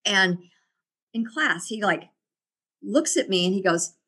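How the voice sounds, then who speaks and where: A woman's voice: mid-range voice, lively intonation, a little slow, pushed and bright, breathy edge. A middle-aged woman talking as an interview guest, reflective and often laughing. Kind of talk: casual interview conversation.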